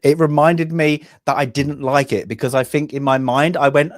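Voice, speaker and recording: A man with a London accent chatting about a film as a podcast co-host, animated and quick to laugh. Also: a little high, no room sound, clean studio sound. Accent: London English. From London, England. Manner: animated, laughing, lively storyteller. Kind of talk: casual film review chat.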